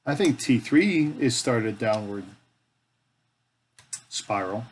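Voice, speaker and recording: A man's voice: medium pitch, expressive, slow pace, breathy edge. Middle-aged guy hosting a live build stream, casual and wisecracking, muttering to himself at his work. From Canada. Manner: joking, talks to himself as he works. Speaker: live-stream host building a toy kit. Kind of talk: casual chat while building.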